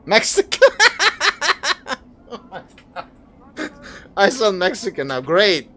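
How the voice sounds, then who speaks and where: A man hosting a gaming video, doing casual commentary, animated and joking at himself. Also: high-pitched, slow pace, pauses often.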